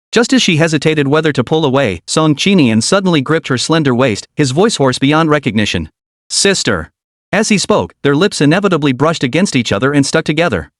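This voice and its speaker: A man with a slightly high voice recaps a comic story, reading evenly and steadily. The recording is close and dry, with no echo.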